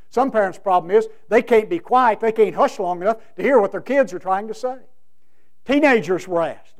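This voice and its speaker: A middle-aged male preacher giving a sermon, emphatic, with big swings from loud to soft. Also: high-pitched. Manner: emphatic, with wide swings in loudness.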